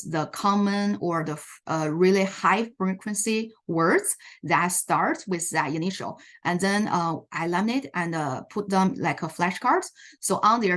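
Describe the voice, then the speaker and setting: A woman who teaches in an immersion classroom, giving a teacher training talk in a halting way with frequent ums and uhs. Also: lowish voice.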